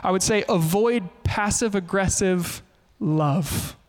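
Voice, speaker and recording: A male pastor preaching a sermon in an animated way, often slipping into quoted voices. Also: sits high, slow pace, in a large hall.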